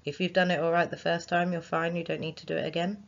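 A primary school teacher records a phonics lesson for young children, sounding out letters and chanting rhymes for how to write them. Her lowish voice is gravelly and flat, she talks fast, and the recording is muffled.

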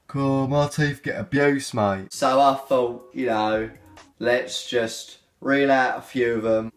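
A man's voice: mid-range voice, steady tone, slow. A young man, joking and bantering as he reacts to hate comments in a casual comedy vlog. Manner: cheeky, joking, slangy banter. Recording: echoey room with faint music.

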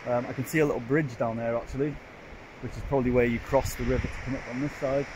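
A man's voice: mid-range voice, steady tone, fast, noisy background. A man with a Welsh accent chatting casually to the camera of the phone he holds while out hiking on a hilltop, addressing his viewers as folks. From Wales. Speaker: hiking vlogger. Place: outdoors on a hilltop. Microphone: phone held while filming.

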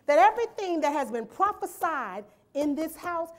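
With a fairly high, sing-song voice at a moderate pace, a woman preaches to a church congregation. She reads scripture verse by verse and explains it, tossing out rhetorical questions and asking "amen?" to draw responses.

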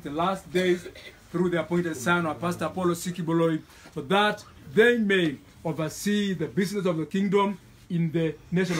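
A man's voice: high voice, poor audio. A man leading a gathering at a children's home in call-and-response cheers, with hesitant fillers. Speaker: church leader leading a welcome. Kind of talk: exhortation to a gathering. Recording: crowd and noise in a busy room.

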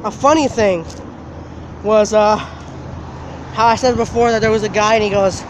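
A man casually telling a story for his vlog outdoors, animated and laughing, swearing now and then. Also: high-pitched, moderate pace, pauses often. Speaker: vlogger. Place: outdoors, walking in the open. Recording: outdoor noise from traffic.

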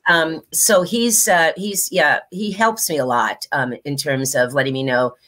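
A woman from the United States talks as a guest in a casual interview, with a fairly low voice. She is animated and laughs easily, and she slips into other people's voices when she quotes them. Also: unhurried. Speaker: guest actress.

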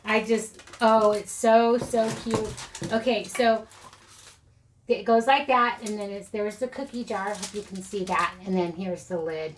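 In a casual haul vlog, a middle-aged craft channel host rambles on, frequently giggling at herself self-deprecatingly. Her mid-range voice stays steady at a measured pace, with slight background noise in the recording.

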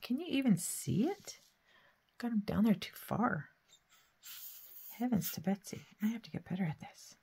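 A woman's voice: medium pitch, lively intonation, normal speed, creaky, long pauses, warm tone, slightly rough. Folksy chatty woman crafting. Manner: chatty, talks to herself while working, hums and sings nonsense sounds; folksy sayings, playful. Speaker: craft channel host. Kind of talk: casual craft tutorial chat.

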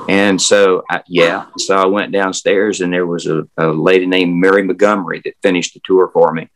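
This former historic house guide, an older man with a Southern US accent, talks in a flat, low voice at a moderate pace with hardly any pauses. Recorded roughly over a remote video call, his storytelling interview is rambling and folksy, full of fillers and restarts.

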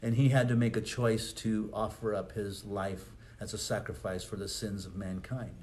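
A man's voice: lowish voice, fairly even intonation, moderate pace, darkish tone. A man, a pastor, preaching a conversational sermon with rhetorical questions and asides.

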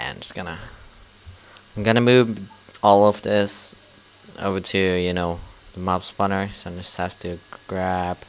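A young man giving rambling, casual let's-play commentary as a gaming channel host, full of fillers and breaking into sudden loud yells. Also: sits low, clear, resonant tone.

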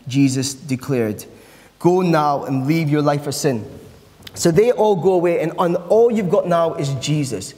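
In a church, a pastor delivers an earnest sermon, repeating phrases for emphasis. His voice is fairly high, a little slow and a little mellow, and the recording carries a long church reverb.

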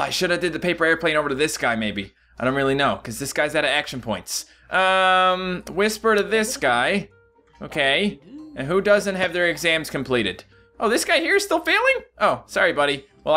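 A man giving casual gameplay commentary, excitable and jumping to high yelps when things go wrong. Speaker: gaming YouTuber.

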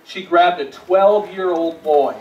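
A male pastor preaching a sermon in a church, dropping to hushed storytelling and rising to emphatic appeals, often repeating words as he restarts phrases. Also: high-pitched, slow pace, dull audio, faint music behind. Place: church sanctuary. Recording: echoey church room, mic at a distance.

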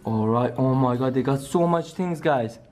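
Filming a scripted horror skit, a video creator speaks to camera in a medium-pitched, darkish voice at normal speed, with faint music behind him. He addresses viewers as "guys," sounding jittery, nervous and spooked.

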